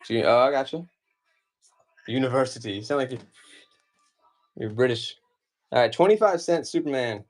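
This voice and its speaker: A man's voice: mid-range voice, animated, normal speed, pauses often. A man in his forties from the United States, rambling casually through a live-stream comic auction with lots of fillers and asides. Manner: rambling and chatty, many fillers.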